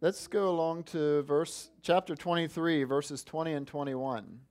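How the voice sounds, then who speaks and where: A man's voice: fairly high pitch, steady tone, measured pace, darkish tone. A man preaching a sermon, earnest and asking his listeners questions. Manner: earnest, asks the congregation questions. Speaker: pastor.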